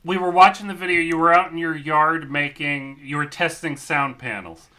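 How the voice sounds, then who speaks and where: A man's voice: on the high side, normal speed, pushed and bright. A man from Pennsylvania hosting a podcast, telling anecdotes in casual chat. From Scranton, Pennsylvania. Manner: storytelling, acts out quotes. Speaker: podcast host.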